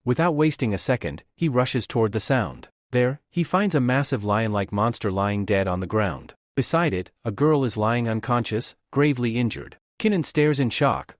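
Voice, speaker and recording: Male narrator for a comic recap; animated pitch, dry close mic. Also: moderate pace, few pauses, no echo. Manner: plain storytelling.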